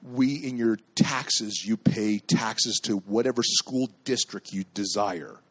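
A male pastor from Canada preaching a sermon, telling stories and acting out the voices in them, and shouting at the high points. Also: takes it slowly. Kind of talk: sermon with storytelling.

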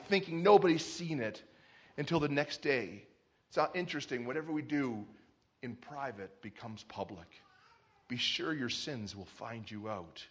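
A man preaching a sermon, telling a nursery rhyme as an animated story with shouted character voices. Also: fairly high pitch, breathy edge. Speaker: pastor.

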